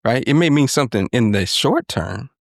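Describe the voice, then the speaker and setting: A man's voice: mid-range voice, expressive, normal speed, creaky, dry recording, clean studio sound. A man co-hosting a podcast in a reflective, casual conversation, talking earnestly and often checking in with "right?" and "you know". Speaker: podcast co-host.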